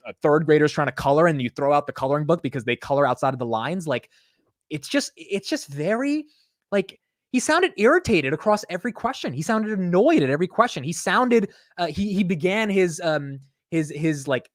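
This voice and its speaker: A man's voice: a little high, no room sound, studio quality. A young man hosting a casual livestream about the stock market, talking in a blunt, opinionated way and swearing now and then. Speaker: market commentary host.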